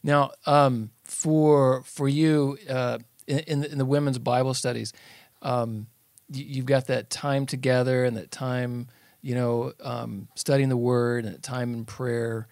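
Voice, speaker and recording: A church ministry interviewer asking gentle, hesitant questions full of fillers. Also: medium pitch, level tone, unhurried, no echo, studio quality. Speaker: interviewer, women's ministry leader. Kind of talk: supportive interview.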